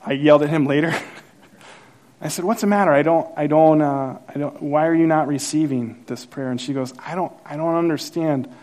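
Guy pastor telling a story in a sermon, kinda high voice, gets loud and excited. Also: normal speed. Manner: animated storyteller, acts out quotes, grows louder and higher as the story builds.

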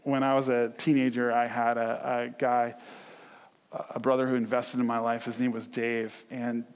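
Conversational pastor in a reverberant hall. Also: male voice, mid-range voice, moderate pace, clean tone. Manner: conversational, storytelling, animated acted quotes. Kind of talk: sermon.

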